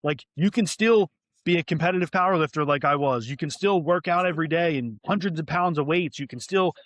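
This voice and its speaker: A man's voice: fairly high pitch, brisk, fairly bright tone, no echo. A man guest on a podcast, talking candidly and earnestly, with restarts and many fillers. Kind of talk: candid interview talk.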